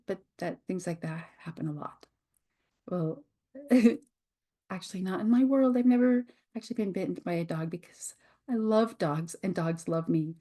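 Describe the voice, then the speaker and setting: A middle-aged woman hosting her own show, a hypnotherapist giving a reflective teaching talk with pauses and restarts. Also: lowish voice, warm tone. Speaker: host and hypnotherapist.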